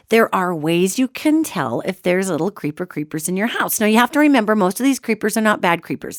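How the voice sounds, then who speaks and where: A woman host telling an animated story in a casual, expressive way, acting out quotes. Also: medium pitch, no echo, clean studio sound. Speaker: radio show host.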